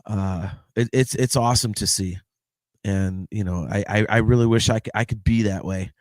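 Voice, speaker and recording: A man in his fifties with a lowish voice, recorded dry and close on a host mic. He talks in a halting, emotional way, stumbling over and repeating his words, with a casual swear now and then. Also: fairly even intonation, dry recording. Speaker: podcast host. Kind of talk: heartfelt birthday tribute.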